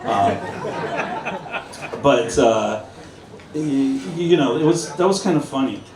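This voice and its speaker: A man's voice: mid-range voice, animated, unhurried. A man who used to work in law enforcement, telling humorous anecdotes to an audience and acting out the dialogue. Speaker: former police officer sharing stories. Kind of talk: live storytelling talk to an audience. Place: indoors at a busy pub event. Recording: echoey pub from far off with crowd.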